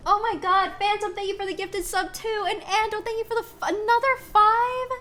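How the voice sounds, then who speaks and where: A woman's voice: extremely high pitch, fairly even intonation, a little fast, bright, forceful tone, faint music behind. A woman streamer chatting with her viewers, giggly and effusive, exclaiming often. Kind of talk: live-stream chat with viewers.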